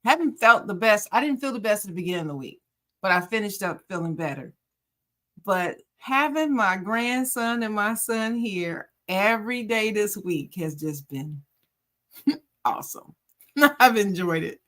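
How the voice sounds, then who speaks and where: A woman's voice: medium pitch, animated, measured pace, a bit bright. An older woman, a grandmother, co-hosting a podcast in casual, rambling chat. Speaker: podcast co-host.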